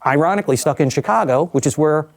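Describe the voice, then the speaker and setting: An older man recounting his own survival in a documentary interview, measured and reflective with vivid asides. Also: on the high side, creaky.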